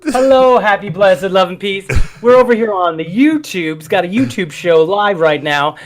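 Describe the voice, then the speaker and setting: A man with a fairly high voice hosts a loose livestream chat. He rambles and riffs playfully and pokes fun at himself as he goes. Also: animated, normal speed. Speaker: host.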